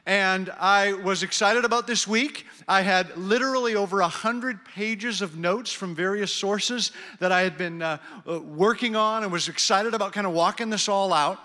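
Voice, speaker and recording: Brisk, high-voiced pastor in a reverberant hall. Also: male voice, bright, forceful tone. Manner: brisk, earnest, rushing against the clock. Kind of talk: sermon. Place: church hall.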